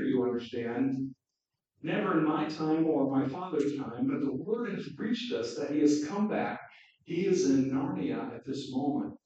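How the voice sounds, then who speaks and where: Reading from a storybook, a man voices an excitable male beaver who can talk, booming out emphatic exclamations in a voice close to his everyday one. He's recorded from far off in a dull, echoey hall.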